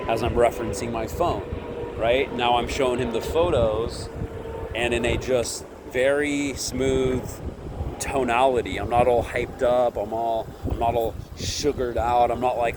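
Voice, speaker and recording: The candy vending vlogger here has a medium-pitched voice, fairly even intonation, and a somewhat slow delivery, with background noise behind him. Chatting casually to camera, he rambles on, ends nearly everything with "right?", and dramatizes quoted conversations.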